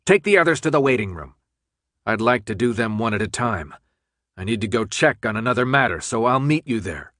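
A narrator putting on a cold scheming official who gives orders in a clipped, even tone. The voice sits a little higher and more pointed than the reader's own. The read is close and dry, with no room sound. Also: male voice, brisk, no echo, natural voice. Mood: commanding. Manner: clipped, commanding.

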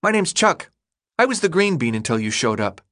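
A man reading aloud and voicing a chubby, cheeky twelve-year-old boy with a high childish pitch. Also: big pitch swings, a bit bright. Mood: offhand. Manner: blunt, cheeky, quick-talking.

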